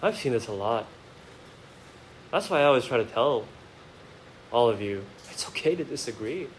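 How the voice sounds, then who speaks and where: Poor audio with a little hiss or hum captures a man preaching a sermon in a church sanctuary. At a medium pitch, normal speed and with lively intonation, he speaks directly to his congregation, posing rhetorical questions and moving between quiet reflection and emphatic outbursts.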